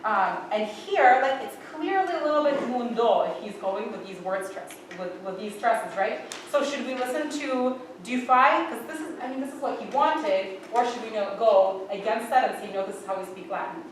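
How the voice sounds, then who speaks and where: A woman's voice: fairly high pitch, expressive, moderate pace, hardly any pauses, a little hiss or hum. A woman conducting a choir rehearsal, talking in a chatty, upbeat way and singing syllables to show how a passage goes. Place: large rehearsal hall. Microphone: far camera. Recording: echoey hall from far off.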